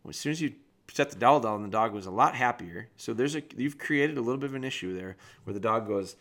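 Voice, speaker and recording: A man's voice: medium pitch, expressive, fast, a bit bright. A man hosting a dog training podcast, reviewing a trainee's video and talking directly to him with frank critique.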